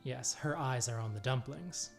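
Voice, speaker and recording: A man's voice: mid-range voice, moderate pace, vocal fry, faint music behind. Man narrating a tabletop game. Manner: descriptive, relaxed storytelling. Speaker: game master.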